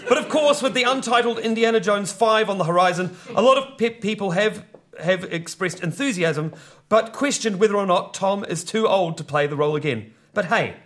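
A man with a high-pitched voice delivers a mock-serious trivia monologue. His deadpan delivery plays each invented fact completely straight. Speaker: panel game contestant.

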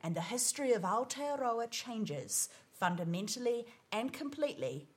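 A woman, a comedy panellist reading out a prepared comic essay in a measured, deadpan manner. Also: fairly high pitch.

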